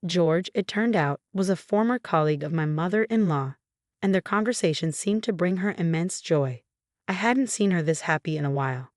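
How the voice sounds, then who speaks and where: A woman reads a dramatic family story aloud in a measured, scripted manner. Her voice sits somewhat low, and the recording is dry with no room sound. Every part is delivered in the same steady narrating tone. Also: no echo.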